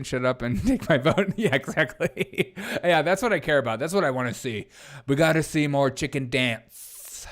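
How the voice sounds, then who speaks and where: A man with a mid-range voice hosts a casual political live stream, reacting to clips and chat with jokes and sarcasm and laughing often.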